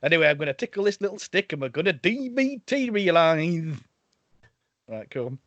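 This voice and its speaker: A man's voice: on the high side, very animated, normal speed, a bit bright, no echo. A man hosting a podcast over a video call, teasing his co-hosts in casual banter. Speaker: podcast host. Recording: dull dry video-call audio.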